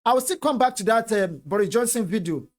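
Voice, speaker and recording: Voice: mid-range voice, animated, quick pace. A Nigerian speaker with a Yoruba-tinged accent giving impassioned political commentary, fervent and repetitive. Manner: fervent, repetitive, switches between English and Yoruba.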